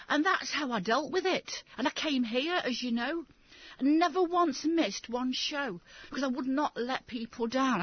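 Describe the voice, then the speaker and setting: A woman's voice: sits high, breathy edge, no echo. A middle-aged English woman telling her personal story emphatically in an interview, acting out what others said. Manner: emphatic, acts out others' lines when quoting. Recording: dull lo-fi recording.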